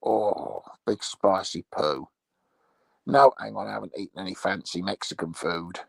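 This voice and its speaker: A man playing a crude, boastful English loudmouth in a rambling, foul-mouthed comic monologue, with an English accent. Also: sits low, normal speed, gravelly, breathy edge, dry recording, exaggerated voice.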